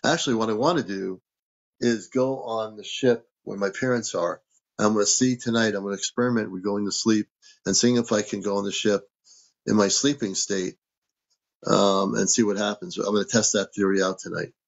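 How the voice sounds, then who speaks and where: A man hosting a casual livestream from home, with a low, gravelly voice. He reads out viewer comments and thanks people for gifts in an easygoing way. The sound is dull and lo-fi. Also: fairly even intonation, normal speed. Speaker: livestream host.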